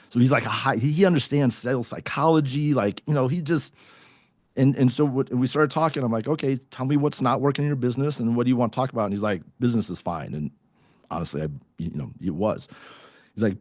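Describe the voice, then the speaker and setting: A man's voice: lowish voice, darkish tone, no room sound, studio quality. A man, a core values coach, telling a personal story on a podcast in a casual way, acting out quoted dialogue with many restarts.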